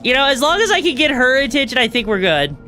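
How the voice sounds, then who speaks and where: A young woman streaming a video game, reacting excitedly, swearing freely and tossing in fillers and tag questions. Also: high-pitched, quick pace, faint music behind. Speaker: VTuber streamer. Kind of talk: live gameplay commentary.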